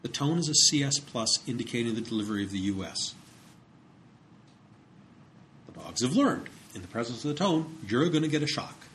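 A man's voice: mid-range voice, big pitch swings, fast, fairly bright tone, slight background noise. A man lecturing in a conversational way, with frequent fillers and repeated words as he explains. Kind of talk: recorded psychology lecture.

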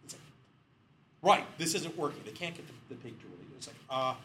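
Animated man lecturing with lively pitch. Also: brisk, slight background noise, rough recording. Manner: animated storytelling, voicing characters in quotes. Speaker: psychology lecturer. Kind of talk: lecture with acted-out anecdotes.

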